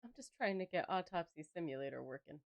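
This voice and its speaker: A woman's voice: fairly low pitch, fast, creaky. A young adult woman chatting casually on a game stream, telling stories animatedly with laughter and acted-out quotes. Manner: animated storyteller who laughs and acts out quotes. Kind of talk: casual live-stream chat.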